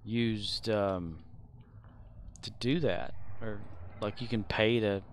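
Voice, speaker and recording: A man's voice: lowish voice, takes it slowly. A man streaming a game live, chatting casually and playfully with his chat. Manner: playful, puts on silly character voices.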